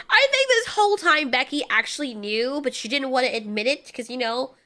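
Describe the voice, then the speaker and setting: A woman's voice: high voice, animated, a little fast, bright, forceful tone. A young woman giving blunt, sarcastic, swear-filled commentary as a movie reviewer.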